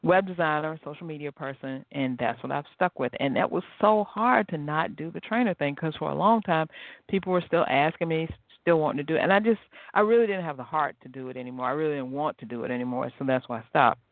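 A woman hosting her own podcast, telling stories in a chatty, animated, encouraging way. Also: low voice, quick pace, no echo. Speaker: podcast host. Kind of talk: casual motivational solo podcast. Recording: tinny phone-like dry sound.

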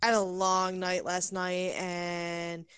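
A woman playing a tabletop game, relaxed and hesitant, full of fillers. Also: fairly low pitch, slow, smooth, dry recording. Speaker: player. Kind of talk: casual tabletop play.

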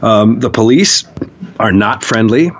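This man has a lowish voice and a measured pace, heard through lo-fi sound with a bit of hiss or hum. Guesting on a podcast, he tells casual stories in an animated, profane, rambling style thick with fillers.

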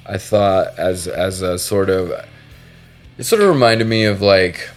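A man's voice: sits low, unhurried, soft background music. A man hosting a podcast, chatting casually in a meandering, profane way. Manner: profane, meandering, frequent restarts. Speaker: podcast host. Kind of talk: casual chat.

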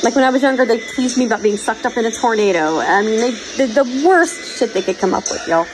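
Earnest woman podcaster, high voice. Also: expressive, fast talker, background noise. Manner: earnest, emotional and pleading. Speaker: podcast host. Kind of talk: casual chat. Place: virtual world.

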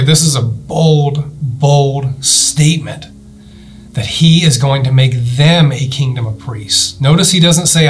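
A man delivering a sermon as a pastor, earnest, asking listeners questions and slowing down to read scripture aloud. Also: mid-range voice. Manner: earnest preaching, rising emphasis, slowed scripture reading; addresses listeners directly with questions.

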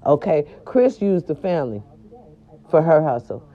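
A woman hosting a casual celebrity gossip show, loud, animated, swooping and profane. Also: deep voice, normal speed. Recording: dull lo-fi sound.

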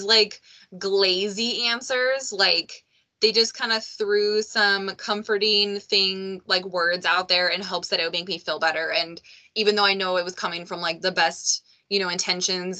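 A woman hosts a podcast, talking candidly and loosely with lots of fillers like "like" and "you know". Her medium-pitched voice has a steady tone at normal speed and sounds pushed and bright.

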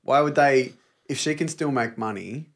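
Chatty Australian podcast co-host. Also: male voice, mid-range voice, moderate pace. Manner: eager, chatty, swears. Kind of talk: casual chat.

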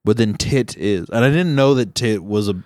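A man hosting a podcast with crude, joking, animated storytelling in casual chat. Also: on the low side, moderate pace, no room sound, clean studio sound. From Southern California. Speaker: podcast host, comedian.

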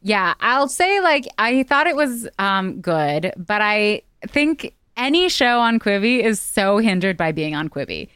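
A woman's voice: medium pitch, sing-song, a little slow, few pauses, fairly bright tone, clean tone, no echo, studio quality. Snarky chatty woman podcast host. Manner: snarky, chatty, laughs often. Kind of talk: casual chat.

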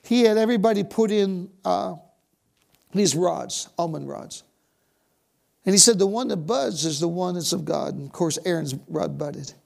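A man's voice: high-pitched, moderate pace, vocal fry, a little mellow. An American man preaching a sermon, exclaiming bursts of praise and dropping suddenly to a whisper. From United States.

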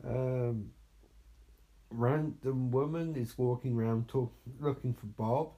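A man's voice: mid-range voice, fairly even intonation, slow, dark tone, lo-fi sound. A man giving live reaction commentary on a horror movie, sarcastic and exasperated, swearing freely.

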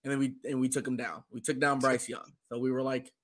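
A hoarse man co-hosting a podcast in casual chat, an excitable sports fan. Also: medium pitch, fast talker. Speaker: podcast co-host.

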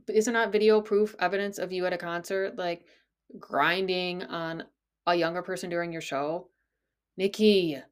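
A woman hosting a casual solo podcast, talking in an incredulous, exasperated way and swearing freely. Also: mid-range voice. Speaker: podcast host.

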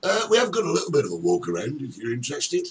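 A man's voice: medium pitch, wildly swooping pitch, racing. A man hosting a casual talk show, teasing and bantering with his co-host. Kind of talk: casual chat. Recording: distant mic, faint background noise.

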